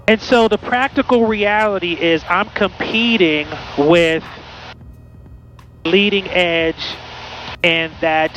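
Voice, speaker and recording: A man's voice: high voice, a bit bright, a little hiss or hum, low-quality recording. Chatty man flying a small plane. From Pittsburgh, USA. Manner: chatty and upbeat, talking to viewers while flying. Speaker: student pilot vlogger. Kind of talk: casual cockpit narration. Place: small plane cockpit in flight.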